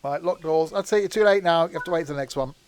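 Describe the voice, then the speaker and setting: A man's voice: on the high side, fast. A man chatting casually while live-streaming a train game, with joking asides.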